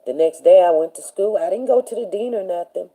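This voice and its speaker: A woman's voice: lowish voice, a little fast, warm tone, slight background noise, low-quality recording. A woman hosting a show, telling a long personal story in a rambling, casual way and acting out the people she quotes. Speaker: show host.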